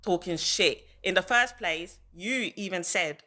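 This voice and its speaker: A woman's voice: lowish voice, a little slow, bright, forceful tone. A woman ranting on a livestream, heated and repetitive, hammering her points over and over. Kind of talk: livestream rant.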